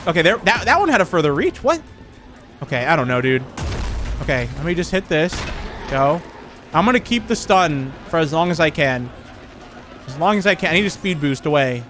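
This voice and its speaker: A young man giving rambling, excitable commentary while playing a horror game. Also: sits high. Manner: rambling, excitable, many fillers. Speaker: gaming channel host. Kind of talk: let's play commentary.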